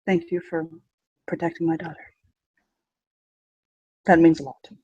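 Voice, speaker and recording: A woman's voice: deep voice, level tone, normal speed, warm tone, slightly rough, no room sound, dull audio, pitched below the performer's own voice. A woman voicing a stern but loving father who speaks in short, weary phrases. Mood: guarded. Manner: terse, weary, clipped.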